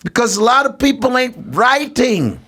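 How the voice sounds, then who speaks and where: A man doing an impression of an older male comedy legend, a cigar-smoking mentor who lectures a newcomer in a high, drawn-out voice. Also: animated, bright, forceful tone, full character voice. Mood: preachy drawl. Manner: high drawling impression with stretched words.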